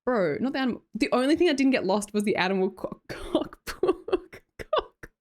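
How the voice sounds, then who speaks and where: Young woman, Australian accent, live streamer, casual chat, laughs a lot, swears casually, highish voice, very animated intonation. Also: fast talker. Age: young adult.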